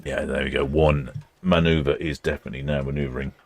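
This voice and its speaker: Very deep-voiced man, chatty. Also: little pitch movement, quick pace. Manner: chatty, rambling, self-correcting. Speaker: live-stream host. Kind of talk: casual live commentary.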